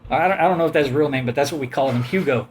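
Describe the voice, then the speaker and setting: A man's voice: on the high side, racing, slight background noise. A man casually telling a long, rambling personal story, often quoting others and laughing along. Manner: rambling, animated anecdote with quoted voices and laughs.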